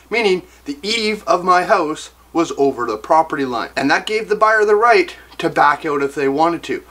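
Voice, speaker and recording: A man's voice: sits high, bright, forceful tone. A man telling the story of his vlog in a conversational voice-over. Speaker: vlogger narrating. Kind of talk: voice-over narration.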